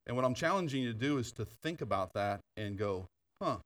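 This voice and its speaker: A man preaching a sermon in a church, his voice moving in lively swings as he tells stories with laughs and asides. He sits at a middle pitch and is a little off the mic, so the sound carries some of the hall. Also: fairly quick, distant mic. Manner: animated storytelling with laughter and asides. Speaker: pastor. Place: church sanctuary.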